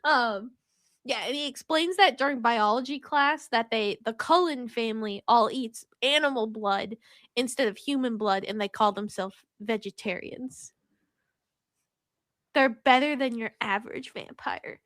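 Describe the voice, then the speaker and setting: Bright, high-voiced woman laughing while retelling. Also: unhurried, no room sound, studio quality. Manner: laughing, mocking plot retelling. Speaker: podcast co-host. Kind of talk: casual chat.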